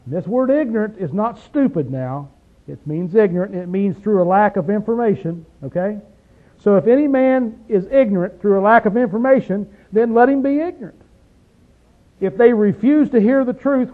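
A man's voice: sits high, lively intonation, a little slow, pauses often. A man preaching a conversational Bible teaching, explaining scripture verse by verse. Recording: tinny phone-like recording.

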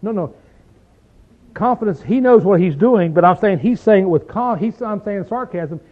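Folksy high-voiced preacher on a tinny line. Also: male voice, expressive, moderate pace. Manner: folksy, emphatic, asks rhetorical questions like "see?" and "okay?"; clears throat often. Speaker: preacher teaching a Bible study. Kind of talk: conversational Bible teaching. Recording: tinny phone-like sound.

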